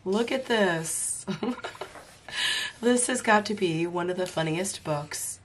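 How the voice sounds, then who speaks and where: Woman host, slow and giggly, slightly low voice, strained from illness, faint noise behind. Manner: giggly, laughs often, amused exclamations. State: voice strained, talking hurts while unwell. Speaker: coloring book reviewer. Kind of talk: casual flip-through commentary.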